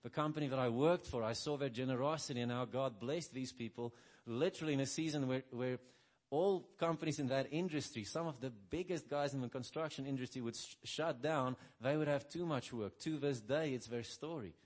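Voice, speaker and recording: Speaking fairly quickly, this middle-aged preacher shares personal testimony in a conversational sermon. He keeps asking "right?" and goes soft and low whenever he quotes himself.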